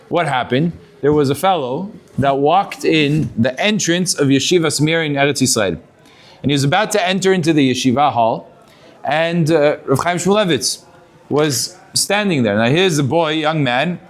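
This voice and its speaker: A rabbi giving a sermon to students. His voice sits fairly high, and he tells stories in an animated way, mixing in Hebrew terms.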